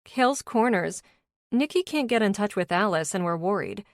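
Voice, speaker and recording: A woman's voice: medium pitch, lively intonation, moderate pace, dry recording, clean studio sound, natural voice. A woman narrator voicing a worn-out, blunt, teasing new mother in an audiobook.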